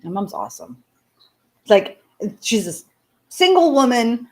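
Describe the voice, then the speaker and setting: A woman's voice: a little high, huge pitch swings, a little slow. A woman in her thirties hosting a live show, chatting casually with viewers, laughing often and making self-deprecating asides. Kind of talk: casual personal chat.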